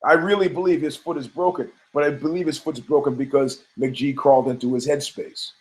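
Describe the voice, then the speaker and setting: Man, podcast host, slightly high voice, brash, profane, rambling commentary. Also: fairly even intonation, brisk. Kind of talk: casual opinionated commentary.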